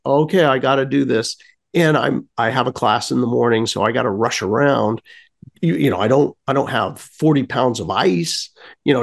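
A man with a gravelly, creaky voice tells a story in a casual chat. His pitch swings widely as he acts out the scenes with sound effects, and he often stops and restarts his sentences.

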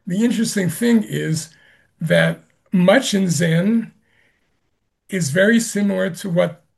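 A man, a Zen master, answering an interview question with slow, gentle storytelling and soft laughs. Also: high-pitched, vocal fry, breathy edge.

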